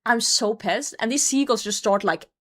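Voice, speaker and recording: A young adult woman chats casually with her livestream audience, telling a rambling story. She swears freely and gets animated, then drops into low mumbles at the ends of her thoughts. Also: moderate pace. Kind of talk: casual storytelling to stream chat.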